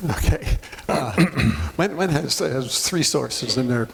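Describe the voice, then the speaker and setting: A man's voice: medium pitch, lively intonation, slow pace, vocal fry. A man from Wisconsin, an author telling stories to an audience, rambling and restarting his sentences as he goes. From Wisconsin, USA. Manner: rambling, self-interrupting storyteller. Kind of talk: casual talk to an audience. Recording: hall reverb with faint noise.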